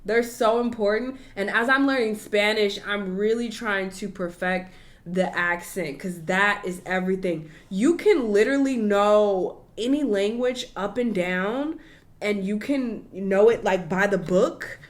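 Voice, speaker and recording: A woman's voice: medium pitch, measured pace. A woman talking casually and animatedly as she reacts to a clip, with a loose, swear-dotted delivery. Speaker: reaction video host.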